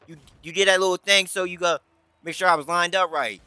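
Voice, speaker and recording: A man's voice: high-pitched, steady tone, fairly quick, dry recording. A man commentating his car soccer match, bossing and mock-scolding his teammates as a pretend team owner. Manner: trash-talking teammates as a mock team boss, hype and yelling. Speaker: gaming YouTuber. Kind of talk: playful rocket league commentary.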